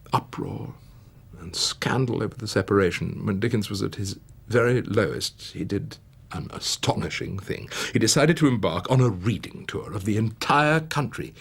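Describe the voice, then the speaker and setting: A man's voice: mid-range voice, gravelly, a bit bright, breathy edge. A man narrating a one-man theatrical story, swinging from dramatic whispers to rising exclamations. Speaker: narrator and performer.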